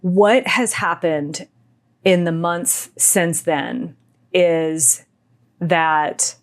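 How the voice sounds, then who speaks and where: A woman's voice: fairly low pitch, drawn-out words. A woman co-hosting a podcast, telling a personal story candidly and animatedly, sometimes dropping almost to a whisper. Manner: animated, acts out quoted dialogue, drops to near whispers. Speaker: podcast co-host.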